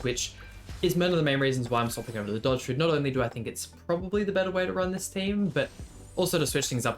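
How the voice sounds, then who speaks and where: A man giving casual commentary over his own gameplay for a video, thinking aloud with fillers and restarts. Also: medium pitch. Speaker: gaming video creator.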